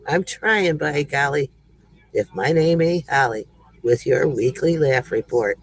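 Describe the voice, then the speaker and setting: Host type, folksy man, gravelly and unhurried, a bit high-pitched, chuckly livestream chat. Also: animated, no echo, poor audio. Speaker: livestream host doing a joke segment.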